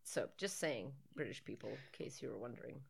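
A woman's voice: very deep voice, animated, fairly quick, gravelly, husky. An American woman co-hosting a podcast, chatting casually and playfully, swearing and laughing often. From United States. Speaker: podcast co-host. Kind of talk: casual movie-riffing chat.

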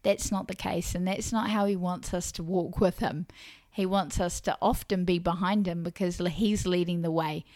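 A woman's voice: lowish voice, fairly even intonation, moderate pace, a little mellow, no echo. A woman hosting a faith-based parenting podcast, speaking earnestly and encouragingly straight to listening mothers. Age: adult parent of a young child. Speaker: Christian parenting podcast host.

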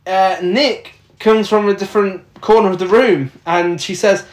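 A man casually recapping a film plot with laughter, doing quick silly voices for the quotes. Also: high voice, steady tone, echoey room. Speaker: podcast co-host recapping a film. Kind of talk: casual comedic chat.

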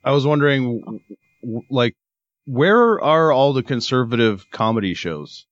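A man talking hesitantly and haltingly in a casual podcast chat in a small studio room. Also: medium pitch, sing-song, no room sound, lo-fi sound.

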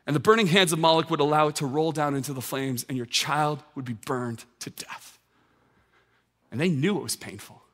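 Emphatic preacher in a reverberant hall. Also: male voice, fairly high pitch, normal speed, fairly bright tone. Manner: emphatic preaching, builds with repeated phrases. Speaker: pastor. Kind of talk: sermon.

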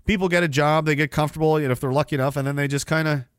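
A man hosts a podcast and rants about politics, swearing freely and dripping with sarcasm. His voice sits on the higher side for a man, and he rambles from point to point. The sound is close and dry, with no room around it. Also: fairly even intonation, racing, clear, resonant tone, no room sound. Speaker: podcast host. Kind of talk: ranting political commentary. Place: Canada.

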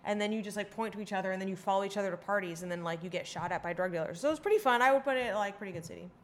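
A woman's voice: medium pitch, rapid-fire, slight background noise. Profane, opinionated woman in casual chat. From Phoenix area, Arizona. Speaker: podcast co-host.

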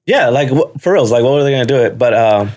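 A young man co-hosting a casual podcast, telling animated, profane stories and ranting about pet peeves. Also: medium pitch, fast. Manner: profane, animated storytelling, rants. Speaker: podcast co-host. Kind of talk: casual chat.

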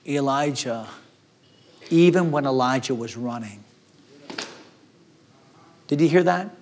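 A man preaching a sermon as pastor, acting out the despairing words of the people in his story. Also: fairly high pitch. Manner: dramatic, acts out despairing voices.

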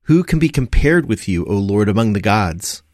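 Man reciting morning prayer, low and dry. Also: no echo. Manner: measured, steady recitation. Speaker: liturgy reader. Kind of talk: reading morning prayer aloud.

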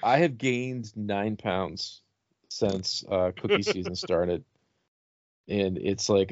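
A man's voice: lowish voice, expressive, takes it slowly, no echo. A middle-aged man hosting a casual podcast chat, rambling and swearing freely as he tells stories. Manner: rambling, swears freely, laughs at own jokes. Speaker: podcast host. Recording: dull lo-fi podcast mic.

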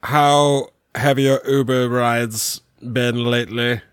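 Slow, stately male mock host. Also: mid-range voice, fairly even intonation, clean tone, dry recording, studio quality. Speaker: podcast co-host. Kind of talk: improvised comedy podcast.

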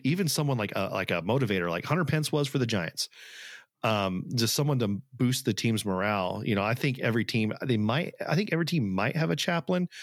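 A man's voice: lowish voice, dry recording, clean studio sound. A man co-hosting a podcast, talking casually and earnestly, rambling with fillers and restarts. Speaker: podcast co-host. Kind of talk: casual chat.

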